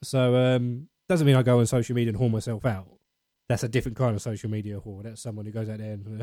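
A man's voice: on the low side, steady tone, fast, dark tone, dry recording. Rambling, self-mocking Essex man. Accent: Essex English. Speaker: podcast segment host. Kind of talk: casual rambling monologue.

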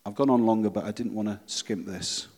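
A man preaching a sermon and leading a congregation in quiet prayer. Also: on the low side, fairly quick, big-room sound. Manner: reads a story aloud, then speaks softly and prayerfully. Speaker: pastor.

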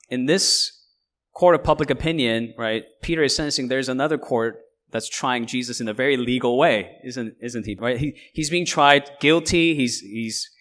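A man giving a verse-by-verse Bible teaching, who explains in a conversational way and often checks in with "right?". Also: mid-range voice. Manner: explains and paraphrases in lively asides.

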